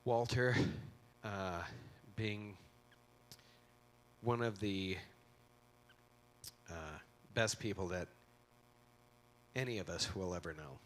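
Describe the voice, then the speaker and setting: A man's voice: deep voice, slow pace, pauses often, fairly bright tone. A man speaking at a memorial, giving a casual, rambling eulogy full of anecdotes and jokes about his friend into a microphone. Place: convention center event hall.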